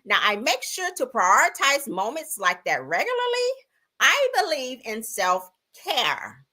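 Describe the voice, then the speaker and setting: A breezy, upbeat celebrity woman gushing through a magazine interview, as a woman streamer puts her on. The voice sits well above the speaker's own and floats in an airy, sing-song lilt. It is bright and exaggerated, with a lively up-and-down melody. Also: high voice, measured pace, pitched above the performer's own voice, heavily acted. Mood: dreamy.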